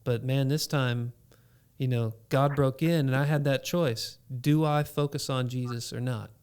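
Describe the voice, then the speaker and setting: A man on a podcast, a father telling an animated story about faith and his young son in a casual chat. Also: medium pitch, measured pace, clean tone. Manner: animated storyteller acting out scenes. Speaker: podcast co-host.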